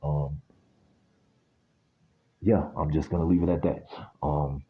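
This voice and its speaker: A man's voice: a bass voice, steady tone, slow pace, phone-quality sound. A man from the United States giving a casual spiritual reading that turns into a blunt, sweary rant. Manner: blunt, ranting, swears freely.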